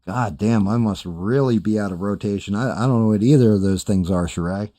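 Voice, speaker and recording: Low, dark-voiced older man ranting casually. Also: brisk, dry recording. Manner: profane, rambling, self-deprecating. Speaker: streamer host. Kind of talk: casual chat reading live chat.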